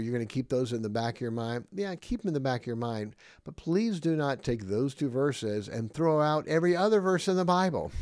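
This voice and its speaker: A man's voice: mid-range voice, a little mellow, no echo. Emphatic preaching man, dry close sound. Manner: emphatic, with rhetorical questions and repetition. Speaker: podcast preacher and jail Bible teacher. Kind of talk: Bible lesson, sermon-like.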